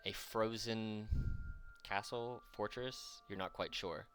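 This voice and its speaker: Game master, male, lowish voice, measured halting narration, faint music underneath. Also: fairly even intonation, fairly bright tone. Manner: slow, halting narration with fillers.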